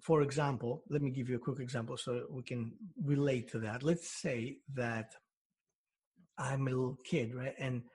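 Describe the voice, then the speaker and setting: Husky man explaining hypnotherapy. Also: medium pitch, steady tone, normal speed, darkish tone. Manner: explains with everyday examples, many restarts. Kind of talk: explanatory interview talk.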